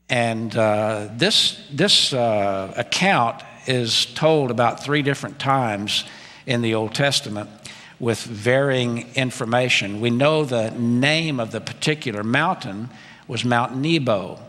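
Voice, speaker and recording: Retiring male pastor, mid-pitched, relaxed preaching full of "uh" fillers, long church hall reverb. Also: unhurried. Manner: conversational, with frequent "uh" fillers. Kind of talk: sermon with scripture reading. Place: church sanctuary.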